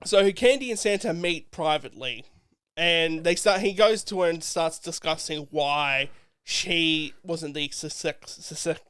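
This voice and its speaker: A man's voice: fairly high pitch, a little slow, fairly bright tone, clean tone, no echo, clean studio sound. A man co-hosting a podcast, chatting casually and retelling a show in a profane, rambling way with lots of filler words. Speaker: podcast co-host. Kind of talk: casual chat.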